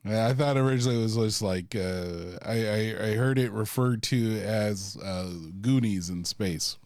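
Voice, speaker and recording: A man co-hosting a podcast in casual chat, playful and teasing, relaxed. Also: fairly low pitch, no room sound, studio quality. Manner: playful, deliberately mispronounces words. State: relaxed, drinking gin. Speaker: podcast co-host.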